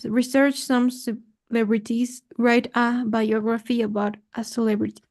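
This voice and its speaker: A woman's voice: fairly high pitch, flat delivery, measured pace, darkish tone. A woman learning English in a tutoring session, reading sentences aloud carefully and hesitantly. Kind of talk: lesson practice.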